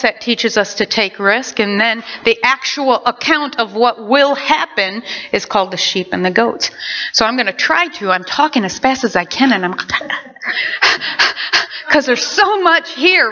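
A woman pastor preaching a sermon in an animated way, with quick asides to her congregation. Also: fairly high pitch. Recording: dull lo-fi recording.

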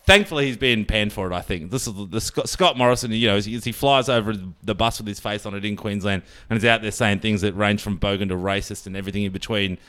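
Young Aussie male co-host, smooth clear tone, sardonic ranter. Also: fairly low pitch, fast talker, hardly any pauses, a bit bright. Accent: Australian. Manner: sardonic, mocks others with put-on voices. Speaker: podcast co-host. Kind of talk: casual ranty chat.

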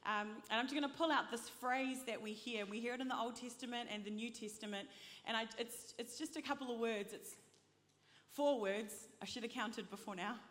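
A woman's voice: fairly high pitch, fairly quick, fairly bright tone. A woman preacher delivering an impassioned sermon to a congregation in a large church hall, urging them to repeat after her. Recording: long reverb of a large hall.

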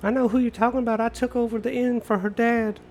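A woman voicing a gruff, rude male dwarf innkeeper who calls people boy and fool in a tabletop role-play. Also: fairly high pitch, steady tone, fast talker, darkish tone, a little hiss or hum, lightly acted. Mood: surly.

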